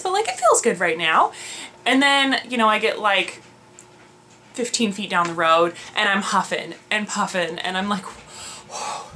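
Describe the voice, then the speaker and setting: Bright, chatty young woman vlogging. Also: mid-range voice, a little hiss or hum. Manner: chatty and self-mocking, lots of laughter. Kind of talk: casual chat to camera.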